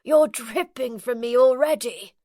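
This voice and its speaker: A brooding, seductive male earl from a romance audiobook, put on by a woman narrator. He murmurs slowly and low, with a rough, growling rasp. The reading is dry and close. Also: mellow, no room sound. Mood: sultry. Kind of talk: audiobook character voicing.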